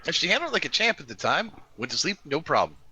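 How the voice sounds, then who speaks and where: A man's voice: on the high side, very animated, fast, pushed and bright, husky, low-quality recording. A middle-aged man joking crudely and mocking himself in casual podcast chat. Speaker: podcast co-host.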